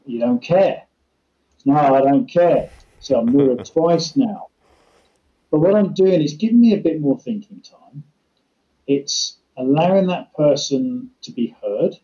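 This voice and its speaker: On a podcast, a man who works as a communication trainer explains listening techniques in practical terms, acting out worked examples to illustrate them. His voice sits at a medium pitch, and the recording sounds muffled.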